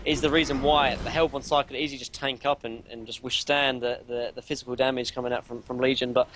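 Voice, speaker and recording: A hoarse young man breaks down a live esports match at a mid pitch, his analysis loose and full of fillers. Noticeable background noise runs under the stream audio. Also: little pitch movement, fast talker. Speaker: color commentator.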